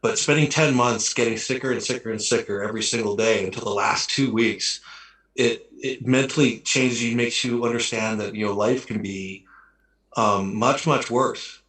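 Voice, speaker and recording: A man's voice: medium pitch, normal speed, a bit bright. A man speaks in a mid-range voice, reflective and a little rambling as he restarts his sentences. His voice rings in an echoey room. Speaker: actor guest. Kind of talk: casual chat.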